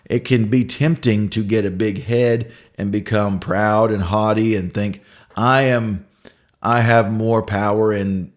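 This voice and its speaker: Man telling a story, casual podcast monologue. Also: fairly low pitch. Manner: conversational storytelling, tags points with "right?". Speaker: podcast host.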